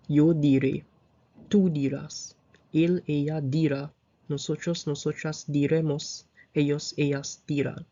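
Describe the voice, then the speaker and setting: A man's voice: on the high side, warm tone, breathy edge, highs cut off. A man giving a casual recorded grammar lesson over slides, explaining loosely and repeating himself with fillers. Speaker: Spanish tutor.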